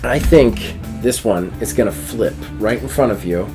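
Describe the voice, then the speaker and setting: A man's voice: lowish voice, moderate pace, dark tone, soft background music. A man running a tabletop game for his child, narrating in a playful, encouraging way. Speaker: game master, dad.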